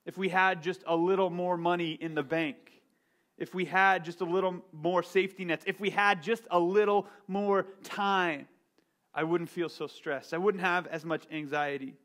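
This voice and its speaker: Chatty storytelling pastor, slightly high voice. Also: male voice, moderate pace. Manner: self-deprecating storytelling, animated, lots of "right?". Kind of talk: conversational sermon.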